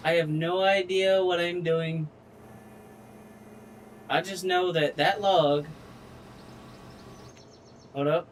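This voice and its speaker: A man talks through a video game in an unhurried, drawn-out way, his voice sitting a little high for a man. He swears constantly and grumbles at the controls as he plays. A faint hiss runs under the recording. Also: steady tone. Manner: frustrated, swears a lot, slow drawl. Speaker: gaming streamer. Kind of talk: casual gameplay commentary.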